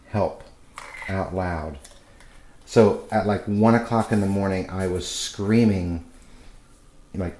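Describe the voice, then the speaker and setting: A man's voice: fairly low pitch, a little mellow. A man chatting casually in a home vlog, rambling and restarting often while he paints his kitchen. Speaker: podcaster. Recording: roomy kitchen echo, faint noise.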